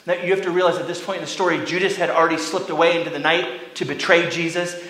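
Young male pastor, animated sermon storyteller, bright lightly raised voice, roomy echo. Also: a little high, fast. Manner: animated storytelling, acting out quoted lines, drops to a whisper.

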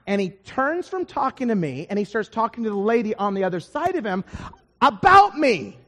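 High-voiced animated male preacher. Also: a little fast, in a large hall. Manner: animated storytelling, swings between loud emphasis and quiet asides. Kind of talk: sermon.

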